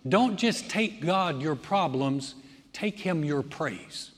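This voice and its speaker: A male pastor preaching a sermon, shifting from conversational talk to loud, fervent declaration. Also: fairly high pitch, lively intonation, slow, slightly rough, big-room sound.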